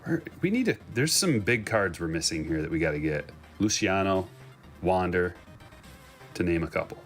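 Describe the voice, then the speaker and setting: Low-voiced man hosting a card break. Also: normal speed, soft background music. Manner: excited, joking, chatty. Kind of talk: casual live commentary while opening packs.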